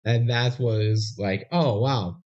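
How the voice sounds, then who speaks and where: Mellow-voiced young man, dry podcast banter. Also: mid-range voice, slow pace, highs cut off. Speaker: podcast co-host. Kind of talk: casual chat.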